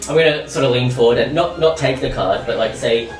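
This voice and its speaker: A man's voice: mid-range voice, fairly quick. Laid-back man playing a tabletop game. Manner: casual, laid-back, full of fillers. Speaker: player. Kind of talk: casual chat at a tabletop game. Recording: roomy sound, distant mic, music behind.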